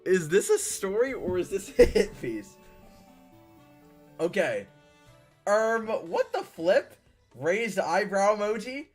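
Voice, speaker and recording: Guy streamer reading chat stories out loud, high voice, bouncing all over, keeps cracking up and getting fake-offended. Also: very animated, slow pace, pauses often, faint music behind. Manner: breaks into laughter and mock-indignant outbursts while reading. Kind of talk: reading viewer stories aloud on a live stream.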